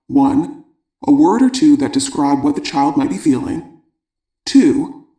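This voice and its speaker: Calm, measured male audiobook narrator, mellow and slightly high. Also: reverberant.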